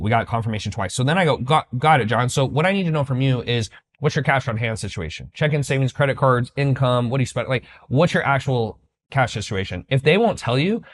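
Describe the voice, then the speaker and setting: A man teaching sales techniques, blunt and emphatic, acting out bits of sales-call dialogue. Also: mid-range voice. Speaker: business coach. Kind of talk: sales training talk.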